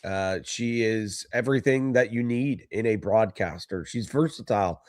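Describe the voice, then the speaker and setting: A man appearing as a guest on a sports talk show, a lacrosse broadcaster who speaks in a measured, articulate way. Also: on the low side, a little mellow, dry recording.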